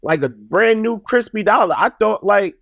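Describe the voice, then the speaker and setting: A young man hosting a podcast, telling a comic story with animated, exasperated outbursts and casual profanity. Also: high voice, normal speed, gravelly, no echo, studio quality. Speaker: podcast host.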